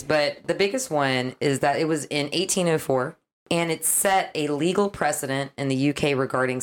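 A woman hosting a podcast, chatting casually and narrating a case with quick asides. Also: low-pitched. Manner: chatty, quick asides while reading notes. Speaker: podcast host.

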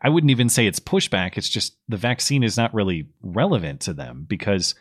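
A man's voice: fairly low pitch, big pitch swings, brisk, slightly rough. A man hosting a live call-in show, chatting casually and joking with callers. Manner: laid-back, joking with callers.

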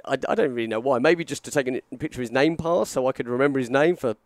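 A young man telling a story on a podcast, animated, acting out quotes with lots of fillers and restarts. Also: mid-range voice, fast, no room sound. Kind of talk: casual storytelling chat.

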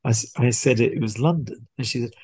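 A man, a podcast guest, casually telling a story and acting out the dialogue in an animated way. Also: medium pitch, fairly quick, husky, no echo. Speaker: guest watch collector.

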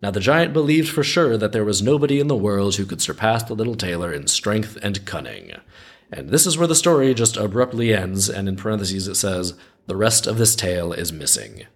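Briskly and expressively, a man with a low-ish voice reads a folk tale for his storytelling show. He breaks away for casual, wry, skeptical asides that ramble on.

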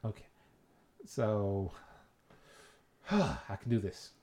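A man's voice: fairly low pitch, big pitch swings, very slow, warm tone. A man co-hosting a podcast in casual chat, teasing and joking and fussy about grammar. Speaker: podcast co-host.

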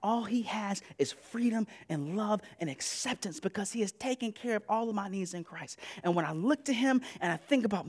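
A man preaching a sermon in an animated, conversational and slangy way, often repeating "listen" to press his points. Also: high voice, moderate pace, few pauses.

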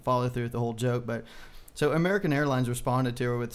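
A man's voice: medium pitch, fast, hardly any pauses, smooth. A man co-hosting a casual podcast, joking and swearing as he runs through news stories and plugs the show. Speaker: podcast co-host. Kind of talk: casual chat.

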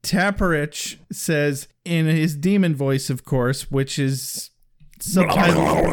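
A man co-hosting a podcast and recapping a show in casual chat, with crude jokes and quick put-on voices. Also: on the high side. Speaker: podcast co-host.

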